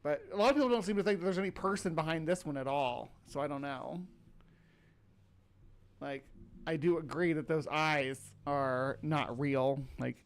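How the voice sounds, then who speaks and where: A man hosting a podcast in casual chat, rambling with fillers and restarts and sounding tired. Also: fairly high pitch. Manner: rambling, halting, filler-heavy. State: tired, yawning. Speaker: podcast host.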